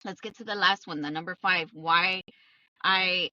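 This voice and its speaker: Blunt, swearing woman podcast host, bright voice. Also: on the low side, fairly even intonation, normal speed, dry recording, recorded from a distance, lo-fi sound. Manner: blunt, heavy swearing, emphatic repetition. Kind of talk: casual personal monologue.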